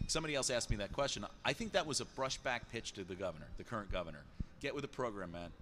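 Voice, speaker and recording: Animated man, bright tone. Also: mid-range voice, fast talker. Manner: animated, repeats words when emphatic. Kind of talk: podcast conversation.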